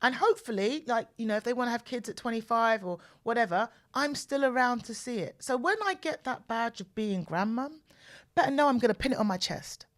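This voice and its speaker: A woman in her forties hosting a podcast, telling personal stories in an animated way and repeating phrases for emphasis, close to the mic. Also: fairly high pitch, a little fast. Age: 40s. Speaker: podcast host. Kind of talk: personal storytelling monologue. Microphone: mic close to the mouth.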